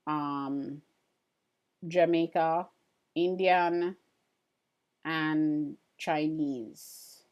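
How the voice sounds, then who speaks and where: Slow, low-voiced woman hosting a live stream. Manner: relaxed, chatty, addresses viewers directly. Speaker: livestream host. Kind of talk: casual livestream chat, reading viewer comments.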